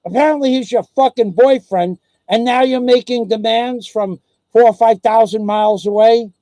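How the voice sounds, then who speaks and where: A high, warm male voice with no room sound belongs to a vlogger delivering an angry, profane rant into his video. He's furious, cursing constantly and making fun of the people he's griping about.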